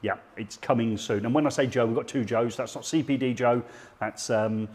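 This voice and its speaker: Husky middle-aged host, chatty and jokey on a live stream. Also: male voice, medium pitch, steady tone, moderate pace, darkish tone. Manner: jokey, chatty presenter banter.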